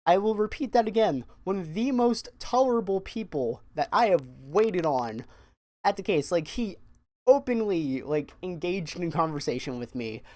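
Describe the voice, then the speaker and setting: A young man telling a story on his vlog, animated and profane, often repeating words as he gets excited. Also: high-pitched, moderate pace. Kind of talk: casual storytime monologue.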